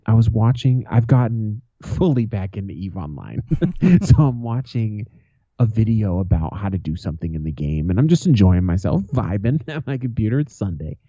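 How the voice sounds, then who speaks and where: A man's voice: lowish voice, mellow, no echo. A man in his thirties co-hosting a podcast, telling profane stories in casual banter and laughing often. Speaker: podcast co-host. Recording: dull lo-fi, dry.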